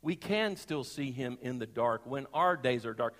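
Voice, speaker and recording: A man's voice: mid-range voice, lively intonation, moderate pace, hardly any pauses, a bit bright. A man preaching a sermon in a conversational, emphatic way, asking the congregation questions. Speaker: pastor. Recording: long reverb of a large hall.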